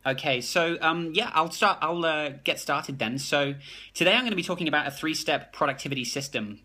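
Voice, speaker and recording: A man with a New Zealand accent, talking fast and excitedly on a phone live stream, reading out comments and restarting his sentences. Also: fairly high pitch. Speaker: productivity blogger hosting a live stream.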